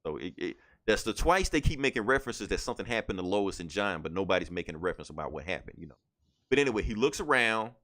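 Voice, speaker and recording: Low-voiced man rambling a recap. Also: sing-song, fast talker, a bit bright. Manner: rambling, filler-heavy retelling with quoted lines. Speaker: podcast co-host recapping comics. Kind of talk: casual comic book recap.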